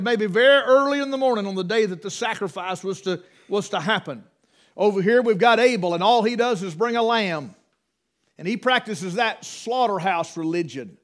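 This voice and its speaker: A man preaching a sermon, telling folksy rural stories in dialect. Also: high voice.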